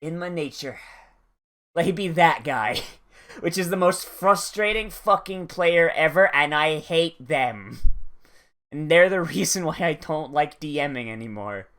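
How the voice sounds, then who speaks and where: An anime reviewer giving casual reaction commentary in a profane, rambling, animated way. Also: mid-range voice, a little slow.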